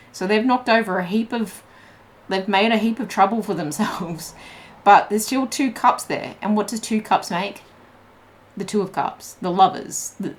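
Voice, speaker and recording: A young woman giving a casual tarot reading, chatty and full of fillers, laughing often as she talks. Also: lowish voice. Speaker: tarot reader.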